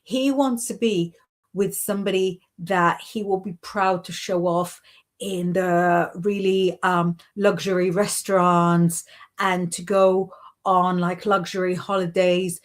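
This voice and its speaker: With a fairly low pitch and a steady tone, a woman talks slowly as she hosts a casual live stream. She goes through viewer comments, gives intuitive readings in a chatty, supportive way, and leans heavily on "sort of" and "you know."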